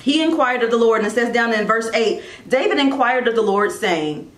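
Animated woman in an echoey room. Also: on the high side. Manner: animated and chatty, quick asides and self-corrections. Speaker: Christian blogger giving devotional teaching. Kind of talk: casual devotional talk.

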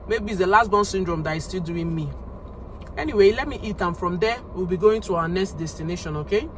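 A Nigerian woman chatting casually to her camera as a family vlogger, talking in a chatty way and growing loud and high when she rants. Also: brisk, background noise. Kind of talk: casual vlog chat.

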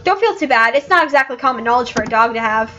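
A woman voicing a cheerful, excitable female dog spirit in a game, squealing and bubbly. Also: fairly high pitch, fast talker, highs cut off, a little hiss or hum.

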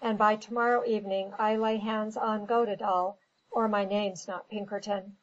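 Lady reading a pushy impatient businessman guy, snappy and loud, muffled audio. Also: mid-range voice, little pitch movement, normal speed, close to an everyday voice. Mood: brisk. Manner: snappish, blustering. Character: brash impatient American businessman, man.

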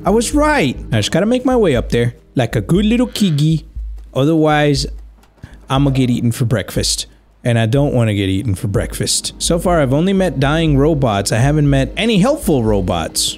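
A man's voice: fairly high pitch, a little mellow. A young man doing casual gameplay commentary, joking around and dropping Spanish words. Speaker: gaming YouTuber.

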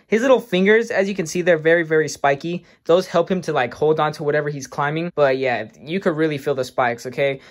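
A young man casually showing off his pet bugs, slangy, excitable and self-mocking. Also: fairly high pitch, a little fast, few pauses. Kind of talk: casual vlog chat.

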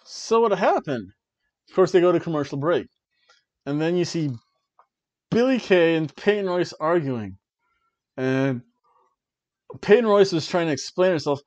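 A man hosting a wrestling review show, talking in an animated, chatty way with offhand asides. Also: fairly high pitch, unhurried, pauses often, lo-fi sound. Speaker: wrestling review podcast host. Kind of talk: casual chat.

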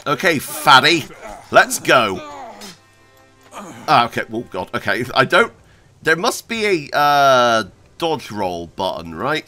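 A man commentates on a video game, breaking into excited shouts and mock outrage. His bright voice jumps all over the place, though he talks at an unhurried pace. Soft music plays behind him. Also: a little high. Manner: excitable, exclaiming, self-mocking. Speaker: gaming YouTuber. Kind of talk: let's play commentary.

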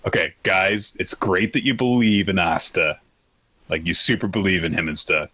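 A man hosts a casual manga recap podcast, rambling through the plot with many fillers and exasperated asides. His voice is deep and forceful. The sound is dry and close. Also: moderate pace, no echo. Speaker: podcast host.

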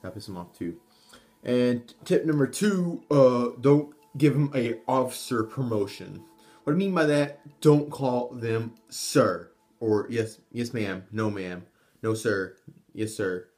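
A man's voice: medium pitch, slow pace, darkish tone. A young man giving casual tips to camera, rambling and swearing, with frequent restarts. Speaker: vlogger, army trainee.

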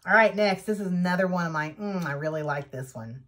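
A woman with a lowish, somewhat bright voice talks a little fast on her needlework vlog. She chats casually and enthusiastically in a show-and-tell style as she shows off her projects.

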